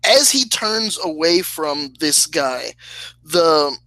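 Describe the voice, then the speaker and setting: Slow, bright-voiced game master. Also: male voice, on the high side, big pitch swings, no echo, rough recording. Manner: slow, hesitant, laughs at himself. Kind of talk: narrating a tabletop game.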